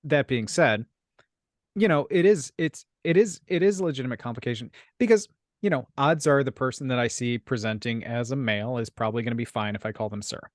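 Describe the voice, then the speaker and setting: A man's voice: medium pitch, brisk, no room sound, clean studio sound. Rambling, chatty male podcast co-host. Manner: rambling, many restarts and laughs. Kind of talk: casual chat.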